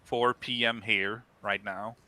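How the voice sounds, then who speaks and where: A man's voice: on the low side, flat delivery, slow, pushed and bright, dry recording. A man chatting casually as a guest, hesitant and full of "uh". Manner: hesitant, lots of "uh". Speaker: guest in the chat. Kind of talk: casual group chat.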